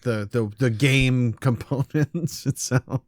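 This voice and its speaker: A man's voice: mid-range voice, takes it slowly, no echo, clean studio sound. A man co-hosting a casual podcast, chatting enthusiastically with frequent restarts. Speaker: podcast co-host.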